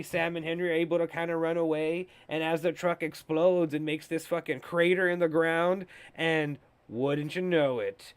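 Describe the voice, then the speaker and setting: A man's voice: high voice, clean tone, no echo. Profane, rambling young man recapping a show. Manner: rambling, filler-heavy, animated. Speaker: show host reviewing TV episodes. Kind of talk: casual recap with heavy swearing.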